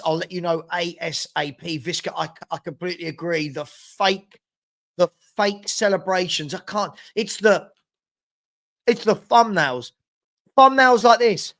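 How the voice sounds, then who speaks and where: A man's voice: a little high, gravelly, fairly bright tone. A young man chatting casually as host of a live football watchalong, reading out and answering viewer comments. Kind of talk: casual live-stream chat.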